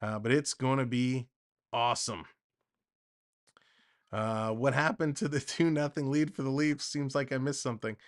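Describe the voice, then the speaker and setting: A man's voice: medium pitch, moderate pace, long pauses. A man hosting a live hockey stream, calling the play-by-play and chatting with viewers in the comments. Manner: chatty, excitable, reads viewer comments between calls. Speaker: livestream play-by-play host. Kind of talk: live play-by-play and chat reading.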